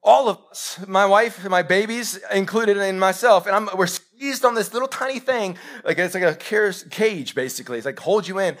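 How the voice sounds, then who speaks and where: In a church sanctuary, a pastor with a high voice preaches a live sermon, animatedly telling stories and speaking directly to his congregation. He keeps a moderate pace with hardly any pauses.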